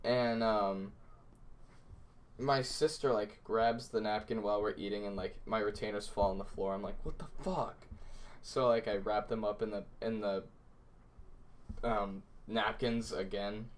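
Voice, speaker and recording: A young man in casual podcast chat with friends, telling his stories with lots of animation. He acts out the quotes and shouts as he goes. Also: on the low side, level tone, unhurried. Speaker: podcast host.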